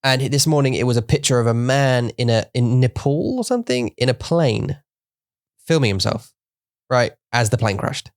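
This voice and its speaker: A male podcast co-host, a native English speaker from an English-speaking country, chats casually in a rambling, jokey way and slips Mandarin words into his English. His medium-pitched voice has lively intonation and a moderate pace, recorded at studio quality with no room sound.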